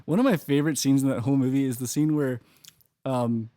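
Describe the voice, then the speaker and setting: Enthusiastic man, quick to laugh. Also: medium pitch, mellow, no room sound, clean studio sound. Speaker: podcast co-host. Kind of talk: casual chat.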